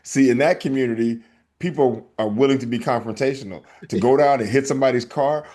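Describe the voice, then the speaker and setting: A man's voice: medium pitch, a little fast, darkish tone. A man co-hosting a podcast in casual banter, reacting to his partner and riffing with mock impressions. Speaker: podcast co-host. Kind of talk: casual chat.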